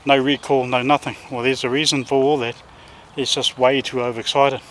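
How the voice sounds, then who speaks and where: In a brisk, mid-range voice with little pitch movement, a New Zealand dog trainer chats casually outdoors for a vlog, sometimes calling loudly to one of his dogs. There's slight background noise.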